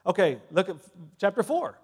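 A man preaching a sermon who swings between hushed asides and loud emphatic declarations, calling out hallelujah and amen between points. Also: sits high, very animated, moderate pace, slightly rough. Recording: long reverb of a large hall.

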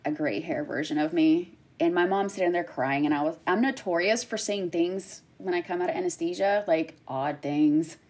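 A woman in her thirties telling a personal story in conversation, animated and acting out what others said in quick bursts. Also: lowish voice. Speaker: guest sharing a personal story.

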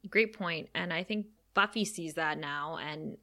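Woman co-host, casual chat, bright voice, animated. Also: low-pitched, a little slow. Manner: animated, quotes scenes in character voices. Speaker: podcast co-host.

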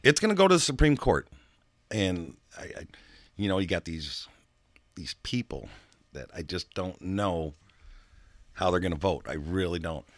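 A man's voice: low-pitched, animated, normal speed, long pauses, no room sound. A man in casual political chat, rambling and emphatic, swearing freely.

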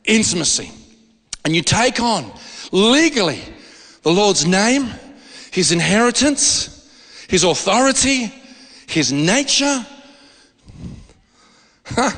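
A man preaching a sermon, telling a story with lots of laughter and excitement. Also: sits high, slow, pauses often, long reverb tail.

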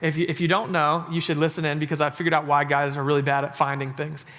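A man in his thirties preaches to his congregation in a church, loose and joking and full of "like" fillers. His voice sits a little high and rings bright and forceful. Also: flat delivery, fast. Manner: chatty, joking sermon delivery with many "like" fillers. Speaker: pastor. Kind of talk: sermon. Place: church sanctuary.

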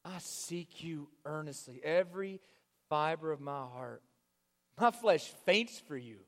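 A male preacher with a fairly high voice delivers an impassioned sermon. He swings between loud, urging calls and hushed, almost whispered phrases. A long reverb trails his words through a large hall. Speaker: pastor.

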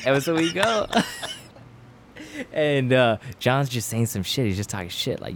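A man's voice: mid-range voice, wildly swooping pitch, slow pace, slight background noise. A man casually telling crude, slangy stories among friends on a podcast, laughing between lines. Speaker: podcast storyteller.

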